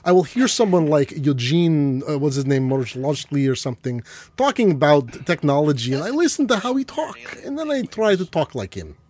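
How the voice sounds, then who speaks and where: A man's voice: on the high side, big pitch swings, a little fast, a little mellow. Playful guy joking around on a call, voice swings up and down a lot. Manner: playful, fond of putting on mock accents. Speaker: podcast co-host. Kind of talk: casual chat.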